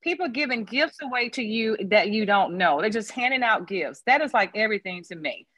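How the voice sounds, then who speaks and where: A woman talks as a guest on a video call panel. She gushes and rambles, laughing often. Her voice sits at a medium pitch and sounds dry, with no room around it. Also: animated, fairly quick, a bit bright, no room sound. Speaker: sales consultant on a panel. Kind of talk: casual chat on a video call.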